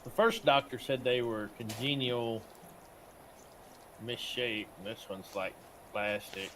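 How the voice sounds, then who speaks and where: A man's voice: mid-range voice, slow. Rambling man, noisy background. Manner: rambling, searches for words. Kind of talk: casual chat.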